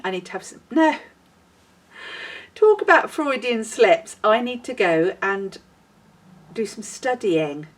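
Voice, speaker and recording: A woman hosting a knitting podcast, chatting in a rambling and self-deprecating way. She sounds like she is outdoors in a windy garden. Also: mid-range voice. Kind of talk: casual chat. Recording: voice a little far from the mic.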